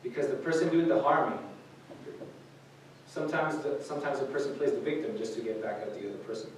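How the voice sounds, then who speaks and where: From a distance in an echoey room, with a little hiss or hum, a mid-range man talks fast to a group. He's a youth speaker giving an informal sermon, casual in tone and full of fillers and restarts.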